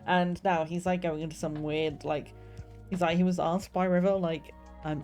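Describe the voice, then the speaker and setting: A woman's voice: fairly low pitch, level tone, normal speed, a little mellow. A young woman streamer chatting casually and rambling about the novel she is writing, with lots of fillers. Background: faint lofi music.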